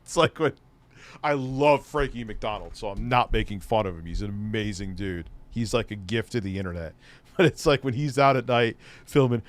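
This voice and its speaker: A man's voice: lowish voice, moderate pace. A middle-aged man hosting a casual commentary stream, rambling and swearing often. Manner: profane, rambling, laughs easily. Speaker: commentary host.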